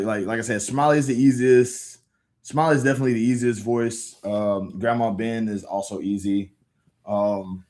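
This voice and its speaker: A man's voice: fairly low pitch, darkish tone. A man hosting a live stream, chatting casually about comics in a rambling, laid-back way with lots of fillers and restarts. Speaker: livestream host reading comics aloud. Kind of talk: casual livestream chat.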